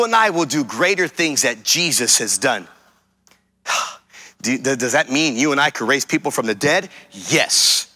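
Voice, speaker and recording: Man preaching with a forceful, bright voice. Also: medium pitch, animated, moderate pace, breathy edge. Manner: emphatic preaching that repeats key lines and addresses the congregation. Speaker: pastor. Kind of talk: sermon.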